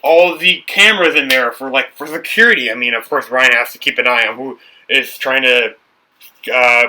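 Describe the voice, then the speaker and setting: A man's voice: medium pitch, normal speed, pushed and bright, distant mic, poor audio. A young man hosting a building video, chatting casually and rambling with frequent restarts and self-corrections. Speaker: brick builder and video host. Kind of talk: casual talk while building.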